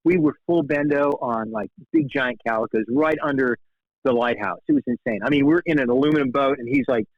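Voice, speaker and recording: A man's voice: brisk, no echo. A man in his fifties, a fly fishing guide telling casual stories as a guest. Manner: animated, acts out quoted dialogue with big pitch jumps. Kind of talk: casual storytelling in conversation. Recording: dull, dry podcast audio.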